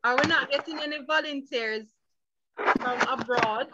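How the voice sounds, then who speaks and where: A woman's voice: high voice, moderate pace, heavy background noise. A woman hosting an online reading competition, coaxing and upbeat as she calls on people by name. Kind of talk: encouraging moderator on a video call. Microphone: video call. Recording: dull lo-fi online call audio.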